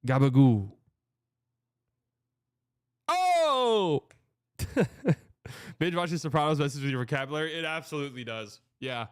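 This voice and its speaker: A young man from Texas hosts a casual livestream chat, reading viewer comments in a loose, rambling, chatty way. His voice is a little high, smooth and fairly bright, and he talks fast; the sound is studio quality with no echo.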